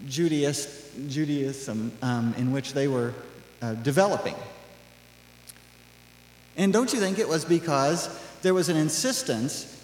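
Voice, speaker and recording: A male pastor preaching a sermon in a relaxed, conversational way, full of asides. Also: a little high. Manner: conversational, animated, acts out quoted voices with laughs. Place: church sanctuary. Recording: echoey church hall.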